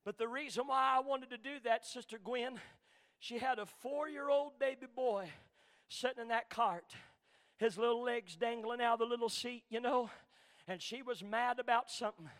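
A man preaching a sermon, his voice unusually high-pitched and bright. He roars through the shouted passages, then drops low into quiet stories, calling out congregation members by name in a rolling preacher cadence. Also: moderate pace. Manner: fiery preaching that swings between shouted climaxes and quiet storytelling. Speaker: pastor.

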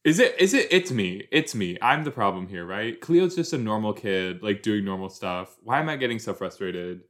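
A man's voice: fairly low pitch, expressive, normal speed. A young man hosting a podcast, giving casual running commentary as he watches an episode. He rambles with fillers and pokes fun at himself. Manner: chatty, self-deprecating, rambling with fillers. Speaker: podcast host.

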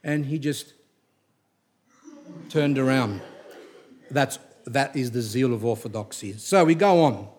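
A man's voice: medium pitch, takes it slowly, long pauses, darkish tone. A middle-aged man giving a religious talk, telling stories in a digressive way and often restarting his sentences, turning blunt and emphatic when he scolds. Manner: digressive, anecdotal, with frequent restarts. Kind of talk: rambling spoken religious talk.

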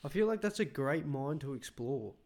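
A man's voice: mid-range voice, expressive, moderate pace, darkish tone. A man chatting casually with a friend, laid-back with terse replies and short musings. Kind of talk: casual chat.

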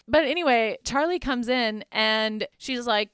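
A woman's voice: fairly high pitch, moderate pace, hardly any pauses, a bit bright, clear, resonant tone, dry recording, clean studio sound. A woman hosting a podcast, retelling a movie plot in a casual, chatty way, laughing often and filling her talk with "like.". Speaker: podcast host.

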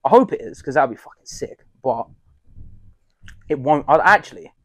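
A man's voice: mid-range voice, lively intonation, moderate pace, fairly bright tone, dry recording. A young man co-hosting a casual chat podcast, with brash, slangy banter. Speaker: podcast co-host.

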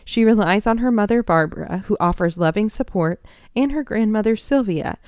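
A woman co-hosting a podcast, chatting casually and excitably, at times reading a summary aloud. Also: mid-range voice, fairly quick, clear, resonant tone, no room sound, clean studio sound. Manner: excitable, reads a synopsis aloud. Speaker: podcast co-host. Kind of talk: casual chat.

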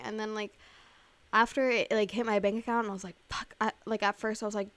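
Woman, twenties, podcast host, casual chat, swears a lot, says "like" constantly, animated storytelling. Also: fairly quick. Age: 20s. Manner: acts out her own past reactions with big jumps in pitch.

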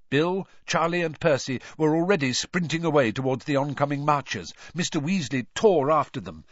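A man reading a novel aloud as an expressive audiobook narrator. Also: on the high side, moderate pace, hardly any pauses, dry recording, dull audio. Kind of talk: scripted narration.

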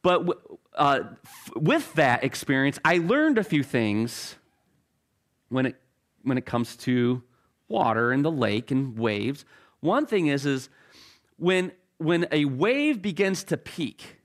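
A man preaching a sermon as pastor, telling an animated story with halting restarts. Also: on the high side.

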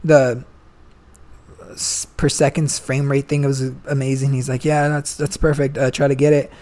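A man's voice: medium pitch, level tone, normal speed, a little mellow. A young man, a guest, chatting casually and telling a long story, swearing freely and full of slang. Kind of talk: casual chat.

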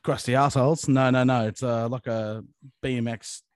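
An Australian man telling stories in casual chat, animated and swearing freely as a co-host. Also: mid-range voice, moderate pace, dry recording, clean studio sound. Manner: heavy swearing, animated storytelling. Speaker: podcast co-host.

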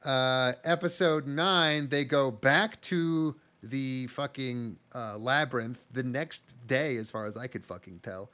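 A man's voice: mid-range voice, slow, hardly any pauses, bright, forceful tone. A man co-hosting a casual podcast chat, swearing freely and acting out scenes in goofy voices. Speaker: podcast co-host.

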